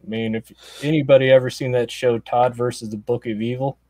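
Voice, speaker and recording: A man from Michigan co-hosting a casual podcast chat, relaxed and agreeable, with some swearing. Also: mid-range voice, brisk, no echo. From Michigan, United States.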